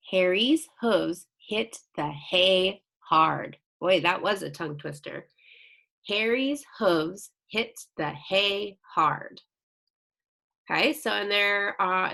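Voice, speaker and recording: A woman teaching young children in a recorded online lesson, speaking slowly, patiently and encouragingly as she reads sentences aloud with care. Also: medium pitch, gravelly, fairly bright tone. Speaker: second grade teacher.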